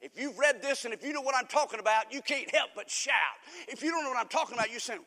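A pastor preaches with a high, bright voice that rings out into a long reverberant church hall. He swings from shouted declarations down to low, confiding asides. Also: quick pace. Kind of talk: fiery sermon.

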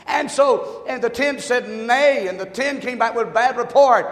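A man preaching a sermon, telling a folksy joke story and swinging from quiet talk to shouting. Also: very high-pitched, unhurried. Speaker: pastor. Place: church sanctuary. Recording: echoey hall, long reverb.

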